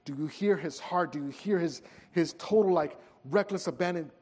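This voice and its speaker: A man preaching a sermon in an earnest, pleading way, pushing hard at some moments and dropping soft at others. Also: a little high, moderate pace. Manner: earnest, pleading, rises and drops in intensity. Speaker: pastor. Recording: hall reverb.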